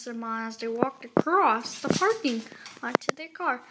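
A woman reading a picture book aloud in a slow, halting way, with restarts. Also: on the high side, expressive, heavy background noise. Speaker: reader.

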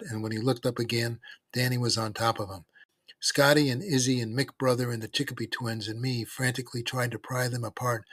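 Husky male storybook narrator. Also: medium pitch, a bit bright, dry recording. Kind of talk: audiobook narration of a novel.

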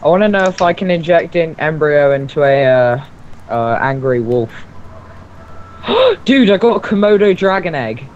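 A young man co-hosting a let's play, excitable and quick to swear. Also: on the high side. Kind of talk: casual gaming chat. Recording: slightly dull lo-fi mic with faint noise.

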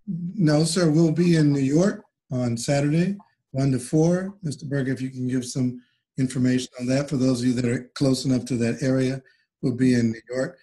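A man's voice: mid-range voice, moderate pace, mellow, poor audio. A man speaking on a team conference call as a leader, earnest and direct, addressing everyone like family. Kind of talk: call-in remarks.

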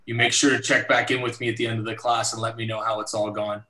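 A man telling a personal story as guest speaker in a live online talk, lively and acting out others. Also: on the low side, fast, echoey room, distant mic, crowd noise. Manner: animated storyteller, voices others in his anecdotes.

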